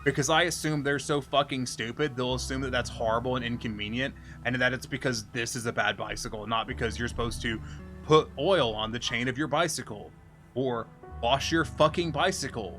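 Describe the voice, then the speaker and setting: A man's voice: medium pitch, normal speed, bright, forceful tone, soft background music. A man streaming and telling a story in a casual chat style, ranting with lots of profanity.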